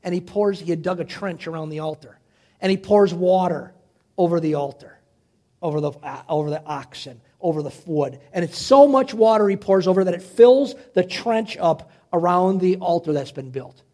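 A man preaching, dramatically retelling a Bible story, swinging from loud to hushed. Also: high voice, expressive, moderate pace. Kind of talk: animated Bible storytelling sermon.

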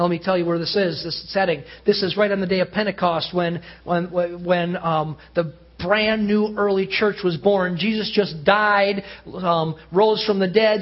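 Pastor guy preaching, kinda husky, high voice, muffled lo-fi sound, gets loud then goes quiet. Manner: earnest preaching that swells loud and drops to hushed. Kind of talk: sermon. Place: church. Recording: dull lo-fi sound.

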